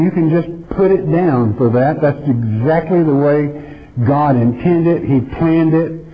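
Slow-talking preacher guy, folksy and emphatic, kinda dull lo-fi sound. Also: a little high. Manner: emphatic, folksy, slow deliberate scripture reading. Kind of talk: sermon. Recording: dull lo-fi recording.

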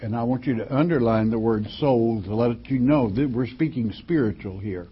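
A man's voice: medium pitch, moderate pace, hardly any pauses, breathy edge. A man preaching a sermon, reading scripture verses aloud and then explaining them in his own words, with frequent restarts and fillers. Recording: dull lo-fi recording.

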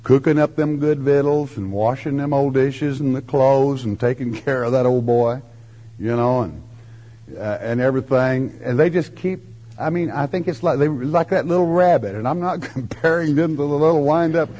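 An older man preaching a folksy verse-by-verse sermon, with homespun turns of phrase and slow, drawn-out emphasis. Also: mid-range voice, warm tone. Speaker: preacher teaching scripture.

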